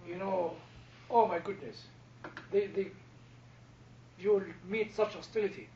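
A man's voice: sits high, unhurried, pauses often, a little mellow, a little hiss or hum. A man with a first language other than English, talking in a casual group discussion and often repeating words as he starts a thought. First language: not English. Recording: echoey room, dull lo-fi sound.

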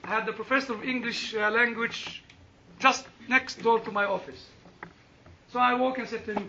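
A man's voice: extremely high pitch, fairly even intonation, moderate pace, pushed and bright, a little hiss or hum. A man telling an anecdote to a listening audience, often chuckling and restarting his sentences, recorded from a distance in a roomy space. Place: room with an audience. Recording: roomy, distant, dull sound.

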